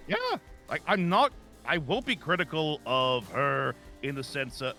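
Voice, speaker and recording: A man's voice: mid-range voice, measured pace, creaky, soft background music. A man chatting casually on a stream while building a model kit, joking and riffing with quips. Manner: jokey, animated, riffing with quips.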